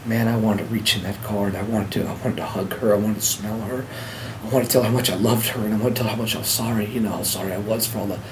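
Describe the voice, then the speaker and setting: A man's voice: fairly low pitch, fairly even intonation, rapid-fire, noisy background. A middle-aged man giving a heartfelt personal testimony, restarting and repeating words as he talks. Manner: earnest, heartfelt storytelling. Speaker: speaker sharing a recovery story.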